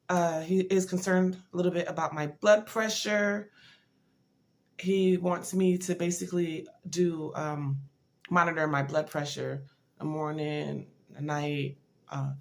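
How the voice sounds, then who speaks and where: A woman's voice: fairly low pitch, steady tone, measured pace, creaky. A woman vlogger talking casually and candidly to her viewers, heartfelt and rambling, sounding tired. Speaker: motivational vlogger. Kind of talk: casual personal talk to camera.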